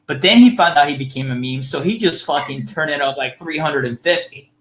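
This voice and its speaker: A man's voice: fairly high pitch, a little fast, fairly bright tone, low-quality recording. A man co-hosting a podcast in loose casual chat, laughing easily and swearing freely, speaking English as a second language. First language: not English. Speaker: podcast co-host.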